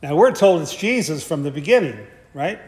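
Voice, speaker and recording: A man's voice: a little high, lively intonation, moderate pace, a little mellow. A man giving a conversational sermon, with joking asides and frequent restarts. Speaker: preacher. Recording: echoey hall.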